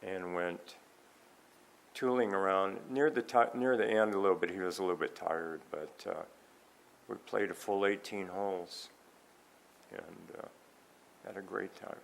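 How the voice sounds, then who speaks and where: Gravelly low-voiced man reminiscing softly. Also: a little slow, long pauses.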